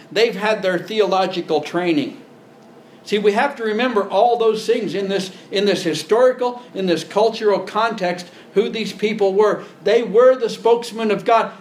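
A man preaching a sermon as a pastor, talking plainly and building to emphatic points. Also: high voice. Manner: conversational preaching, rising to emphatic.

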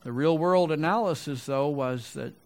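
Speaking at a normal speed, a male preacher alternates between booming, emphatic moments and soft, low-voiced asides. His sermon has a conversational feel, with restarts and remarks aimed at the people in the pews.

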